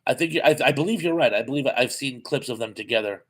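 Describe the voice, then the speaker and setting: A man hosting a live chat, reading out viewer comments and answering them with easy, rambling chatter. His voice is wearing thin and going hoarse. He sits at a middling pitch and fills his pauses with "uh.". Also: a bit bright. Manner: reads viewer comments aloud and responds, chatty with frequent "uh". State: losing his voice.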